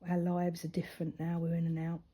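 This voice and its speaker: Here a crafting vlogger with a grown daughter meanders through a personal anecdote in easy conversation while colouring. She speaks in a lowish, monotone voice at a brisk clip, often nearly whispering, and the recording's highs are cut off.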